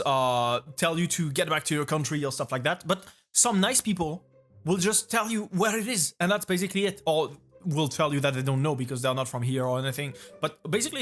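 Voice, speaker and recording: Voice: medium pitch, fairly bright tone. French-accented streamer rambling over faint music. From France. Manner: rambling, repeats and restarts phrases while thinking aloud. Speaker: vtuber reacting to a video. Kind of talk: casual reaction commentary.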